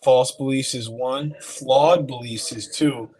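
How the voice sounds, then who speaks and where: A man's voice: medium pitch, fairly even intonation, slow pace, darkish tone, poor audio. A man in a casual chat, talking in a laid-back, slangy, rambling way.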